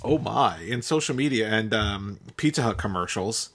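A man co-hosting a podcast in a relaxed, wry way, sometimes reading details aloud as he chats. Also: on the low side, moderate pace. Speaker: podcast co-host. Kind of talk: casual chat.

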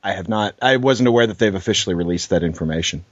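A man's voice: low-pitched, fast talker, no room sound. A man co-hosting a casual chat, a bit pedantic and fond of correcting details. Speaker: podcast co-host. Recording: dull lo-fi sound.

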